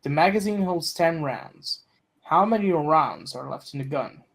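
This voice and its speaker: A man reading a fan story, voicing a calm, wry veteran mare who speaks low, quiet and unhurried. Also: creaky, full character voice. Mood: instructing. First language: Russian.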